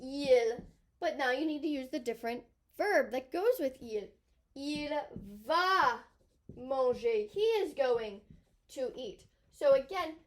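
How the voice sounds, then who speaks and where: High voiced teacher lady explaining grammar, keeps hammering the point. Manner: emphatic, repeats points for students. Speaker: high school French teacher. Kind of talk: grammar lesson.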